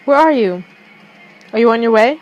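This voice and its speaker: A woman's voice: on the high side, expressive, normal speed, darkish tone, muffled recording, natural voice. A woman reading the lines of a worried, caring young female friend in a fan fiction story. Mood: anxious.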